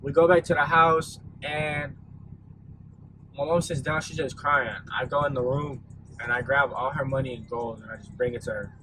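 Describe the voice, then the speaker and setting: A man's voice: medium pitch, steady tone, moderate pace. A young man casually telling a storytime vlog, laid-back and rambling with lots of fillers. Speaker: vlogger. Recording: audible background noise.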